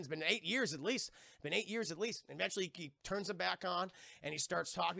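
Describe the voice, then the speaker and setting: Animated man, high gravelly voice, casual streamer recap, dry close mic. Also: brisk, no echo. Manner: animated, swearing, acts out quoted lines, addresses chat. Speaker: TV review streamer.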